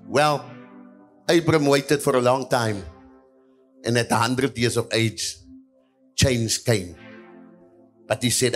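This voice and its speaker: A male pastor preaching a sermon, moving between quiet passages and louder lines, with repeated hallelujahs. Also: mid-range voice, unhurried, pauses often, soft background music.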